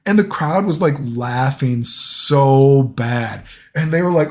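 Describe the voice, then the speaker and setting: A man's voice: a little high, animated, measured pace, hardly any pauses. Rambling, profane young man telling stories. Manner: rambling, profane, lots of "right?" and "dude". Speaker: storyteller. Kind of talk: casual storytelling.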